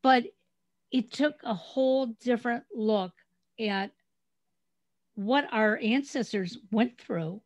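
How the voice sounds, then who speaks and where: A middle-aged woman hosting a podcast, telling family stories in a chatty, animated way over a remote call. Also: a little high, slow pace, pauses often, no room sound. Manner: storytelling, chatty, animated retelling. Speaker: podcast host. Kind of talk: casual interview chat.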